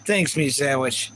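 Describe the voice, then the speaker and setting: High-voiced man chatting on a live stream. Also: bright, forceful tone, a little hiss or hum, rough recording. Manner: rambling and chatty, with many fillers. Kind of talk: casual live-stream chat.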